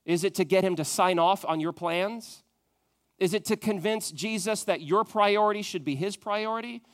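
A man preaching a sermon, moving from loud emphatic questions to a soft, hushed tone. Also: sits high, normal speed. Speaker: pastor.

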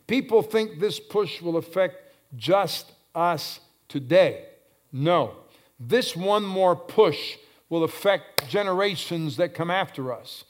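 A man with a fairly high voice preaches with fervor. He swells to loud, drawn-out calls and drops to hushed low phrases, hammering key words over and over. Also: lively intonation. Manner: repeats phrases for emphasis. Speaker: pastor. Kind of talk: sermon.

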